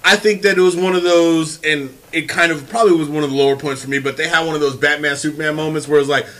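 A man from Northern California co-hosting a casual movie review podcast, animated, laughing and swearing freely. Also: a little high, fast talker. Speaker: podcast co-host.

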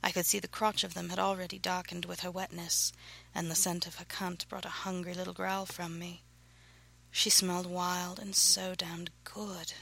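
A woman narrates her own erotic fiction softly and breathily, and she often slips into a near whisper. Her voice sits somewhat low, with a gravelly texture. There is a bright, sharp edge on top. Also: rough recording. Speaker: author reading her own novel. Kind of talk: reading erotic fiction aloud.

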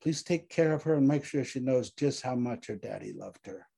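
Broken young soldier, voiced by a man, husky and mellow. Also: mid-range voice, expressive. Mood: despairing. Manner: halting, despairing. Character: broken, guilt-ridden young soldier, despairing.

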